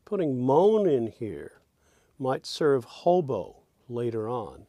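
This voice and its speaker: A man teaching songwriting, thinking aloud as he drafts lyrics and quietly hums and sings the lines he is trying out. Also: medium pitch, huge pitch swings, takes it slowly, no room sound.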